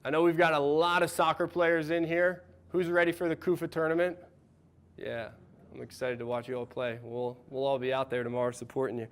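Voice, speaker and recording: Man in his thirties, coach leading a workshop, upbeat and encouraging, slightly higher voice. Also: brisk, clear, resonant tone. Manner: energetic, encouraging, asks the room questions. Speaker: mental performance coach. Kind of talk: workshop talk to a live audience.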